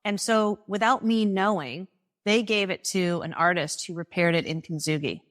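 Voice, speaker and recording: Lively, lower-voiced woman telling her story. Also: normal speed. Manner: animated, acts out quoted dialogue, laughs often. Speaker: guest. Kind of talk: personal storytelling in conversation.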